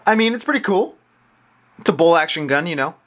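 Excitable swearing young gamer guy. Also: on the high side, fairly quick. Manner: swearing, self-deprecating, excitable. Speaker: gameplay commentator. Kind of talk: casual gameplay commentary.

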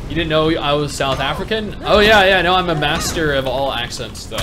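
A man streaming a game, chatting in an animated, joking way with frequent swearing. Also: fairly high pitch, a little fast, background noise. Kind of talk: casual gaming stream chat.

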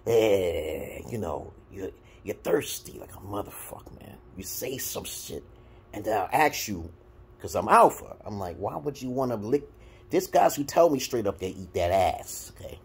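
A Brooklyn man with a New York accent rants casually to the camera, handing out blunt, crude dating advice as a vlogger. His voice sits on the low side and moves a little slowly, with a faint hiss or hum in the recording. He's animated, swinging between loud bursts and mutters.

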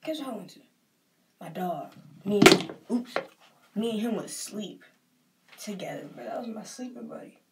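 A woman's voice: mid-range voice, lively intonation, moderate pace, long pauses, distant mic, background noise. A young woman with a Southern US accent talks casually and emotionally while getting ready, rambling and saying "like" a lot. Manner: rambling and emotional, often says "like". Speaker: vlogger.

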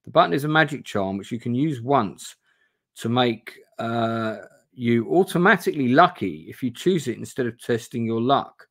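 A man of medium pitch, speaking a little slowly, reads a gamebook aloud on a home camera stream. His delivery is casual, with swearing and chatter aimed at viewers.

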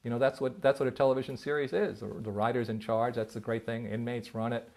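A man's voice: medium pitch, fairly even intonation, fast, darkish tone. A man, a writer and director, musing casually in a documentary interview.

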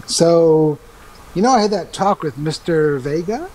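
A man co-hosting a let's play, reading a dating game's dialogue aloud in a deadpan, mock-fatherly way. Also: on the high side, measured pace, a little hiss or hum, poor audio. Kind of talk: reading game dialogue as the dad.

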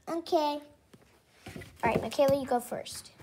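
A woman's voice: sits high, normal speed, a little mellow. A woman playing teacher to her dolls, chatting and reading a children's story aloud in a casual, restarting way. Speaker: pretend teacher in doll play. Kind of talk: playful doll role-play, reading a story aloud.

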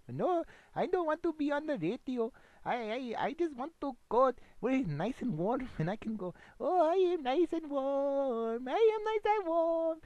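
In an improvised comedy monologue, a man plays a bumbling, crude radio DJ with a put-on foreign-sounding delivery and broken English. He rambles excitably into a home computer microphone, swinging between loud bursts and mumbles. His voice sits high, and the recording is dry.

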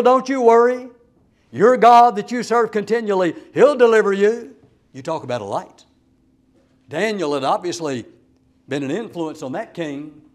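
Man, evangelist sermon, dramatic storytelling, animated pitch, somewhat high voice. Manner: dramatic storytelling, swings between loud exclamations and hushed asides. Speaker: evangelist preacher.

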